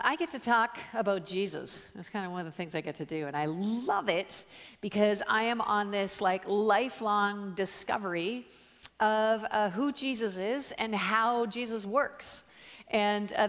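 A Canadian woman preaching as a guest speaker, telling stories in an animated, chatty way with lots of fillers and acted-out quotes. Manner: animated, chatty, full of "like" and "uh", acts out quotes in higher voice. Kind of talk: storytelling sermon. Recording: long reverb of a large hall.

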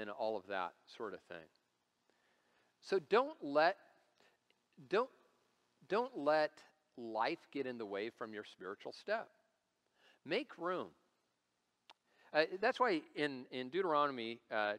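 Recorded live with the reverb of a church hall, this man in his forties preaches a sermon as lead pastor in the sanctuary. His mid-range voice has a fairly bright tone, and he tells stories conversationally, poking fun at himself.

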